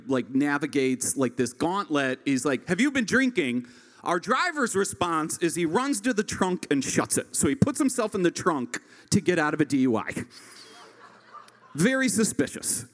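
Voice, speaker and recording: Man in his thirties, stand-up comic, lively swooping pitch, slightly high voice, rambling delivery. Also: moderate pace. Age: 30s. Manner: rambling, filler-heavy storytelling with animated pitch swings. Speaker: stand-up comedian. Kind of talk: live stand-up storytelling.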